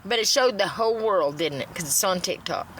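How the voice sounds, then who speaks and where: A woman's voice: medium pitch, expressive, brisk, a bit bright, a little hiss or hum. A middle-aged woman ranting to a phone in a blunt, profane, rambling way, recorded in a parked car. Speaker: TikTok livestreamer. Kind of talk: ranting casual monologue.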